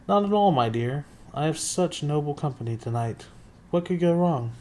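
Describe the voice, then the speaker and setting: A man reading a story aloud, putting on a smooth, soothing, purring voice for a menacing female monster disguised as an old lady. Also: on the high side, lively intonation, moderate pace, a little mellow, slight background noise, pitched above the performer's own voice, natural voice.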